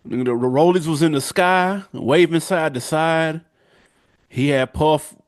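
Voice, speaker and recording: A man's voice: fairly high pitch, takes it slowly, no echo, clean studio sound. Opinionated man in casual podcast talk. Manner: animated, opinionated, drives points home. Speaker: podcast co-host. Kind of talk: casual chat.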